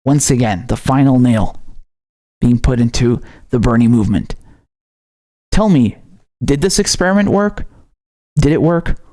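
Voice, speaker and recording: A Syrian man hosts his own political commentary show, and his medium-pitched voice is a little mellow. He rants heatedly and with heavy profanity, tripping over repeated words as he works himself up.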